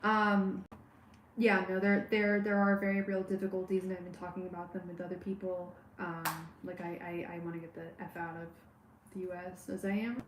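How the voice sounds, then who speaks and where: A woman giving a live tarot reading on a stream, speaking warmly and straight to the viewer, with many halting restarts and fillers. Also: fairly low pitch, flat delivery, echoey room, slight background noise, rough recording. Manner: warm, personal, talks straight to the viewer. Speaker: tarot reader.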